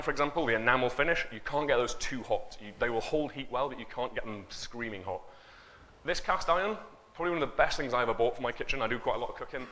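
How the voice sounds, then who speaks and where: A man speaks from a conference stage, loose and unscripted, joking with the crowd and filling pauses with ums. His voice is bright and forward, at a middle pitch. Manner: chatty, joking, many fillers. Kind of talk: off-the-cuff stage talk. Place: conference stage before an audience.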